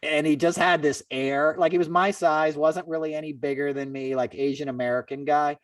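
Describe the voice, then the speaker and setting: A man hosting a podcast, telling a story in a casual, animated way and raising his voice when he quotes people. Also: a little high, normal speed, no room sound, far from the mic. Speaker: podcast host.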